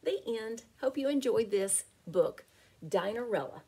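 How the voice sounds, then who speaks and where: A woman reading a picture book aloud as a teacher, with expressive, deliberate storytelling. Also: fairly high pitch, slightly rough. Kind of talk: storybook read-aloud narration.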